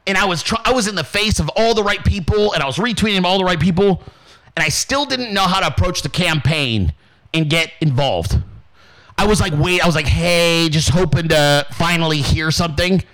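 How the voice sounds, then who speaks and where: Expressive and high-pitched, his voice has a fairly bright tone and a fairly quick pace on a rough recording. This podcast host rants in a brash, profane, motivational way, swearing constantly and acting out quoted voices.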